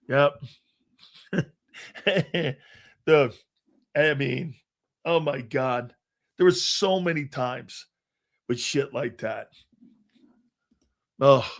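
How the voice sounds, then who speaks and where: Brief: middle-aged man, sports radio host, fairly high-pitched, animated, profane storyteller. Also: drawn-out words, pauses often. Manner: animated, profane, acts out quoted voices. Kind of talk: storytelling on a sports talk show.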